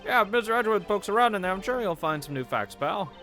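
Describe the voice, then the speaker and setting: A man's voice: high voice, lively intonation, quick pace, pushed and bright, soft background music, pitched above the performer's own voice. A man doing an eager, folksy detective. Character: eager, clumsy male detective, friendly.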